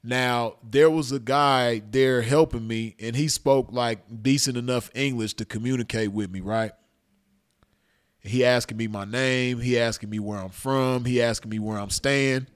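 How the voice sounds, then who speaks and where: A man spinning a story for his viewers in a relaxed, unhurried drawl. He talks slangy and swears freely, and he keeps cracking himself up. His voice sits at an ordinary middle pitch. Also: smooth. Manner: laid-back, slangy, cursing, breaks into laughter. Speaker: vlogger telling a story. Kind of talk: casual storytelling to camera.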